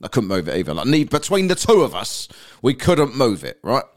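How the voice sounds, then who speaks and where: A man's voice: medium pitch, wildly swooping pitch, brisk. A man, a podcast host telling crude comic stories from daily life. He swears a lot and keeps checking in with "right?". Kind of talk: comic anecdote storytelling.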